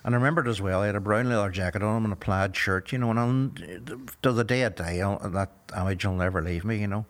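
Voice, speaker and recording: A man in his sixties with a Northern Irish accent speaks in a low voice. He tells his story to an interviewer in a measured, earnest way and fills his pauses with "you know". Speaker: guest.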